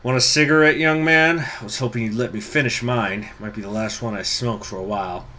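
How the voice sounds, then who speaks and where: A man voicing a calm, resigned fugitive who speaks wryly as he is caught. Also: mid-range voice, close to an everyday voice. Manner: wry, unhurried. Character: calm resigned middle-aged male fugitive.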